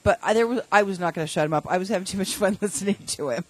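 A woman's voice: mid-range voice, very fast. Woman guest, casual and chatty, laughs through her anecdotes. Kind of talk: casual storytelling chat.

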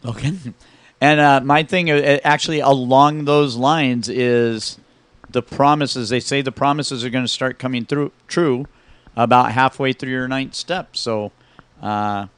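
A man's voice: medium pitch, fairly even intonation, measured pace, fairly bright tone, smooth, dry recording. A middle-aged man hosting a recovery radio talk show, telling stories casually and acting out both sides of conversations.

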